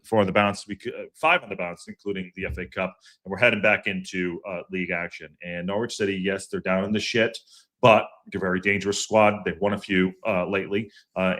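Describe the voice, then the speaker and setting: On a casual fan podcast live stream, a man talks in a relaxed, slightly low voice. He drifts between topics, starts sentences over, repeats himself with plenty of ums and uhs, and welcomes viewers in the chat by name.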